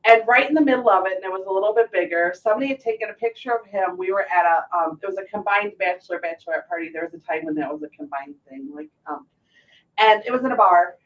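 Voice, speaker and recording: A middle-aged woman hosting a casual talk show, telling stories with lively acted-out quotes. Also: mid-range voice, fast. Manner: animated storyteller, acts out quotes. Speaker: host. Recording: distant muffled mic.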